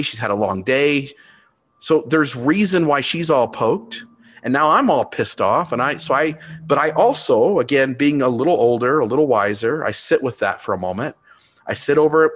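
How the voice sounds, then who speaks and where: A man in his fifties talks through a family story in relaxed podcast conversation. He sits at an everyday middle pitch, and he swings from calm reflection to heated, swearing outbursts. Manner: animated storyteller, rising and swearing when riled.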